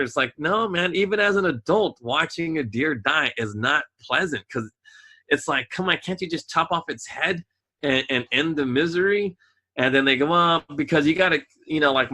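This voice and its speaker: Male podcast host, bright and forward tone, loose animated storytelling. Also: mid-range voice. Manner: rambling, animated, acts out voices in quotes. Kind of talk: casual storytelling.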